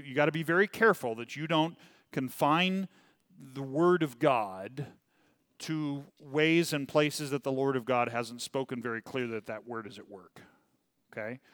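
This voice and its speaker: A man leading a church Bible class in a casual, animated way, rambling and often checking in with "okay?". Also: mid-range voice, no room sound, clean studio sound. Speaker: pastor teaching a Bible class.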